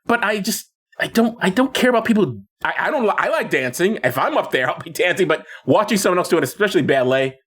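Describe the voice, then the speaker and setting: Podcast co-host, male, lively swooping delivery, slightly high, halting and chatty. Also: breathy edge. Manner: animated, halting retelling with many restarts and laughs. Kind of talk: casual movie chat.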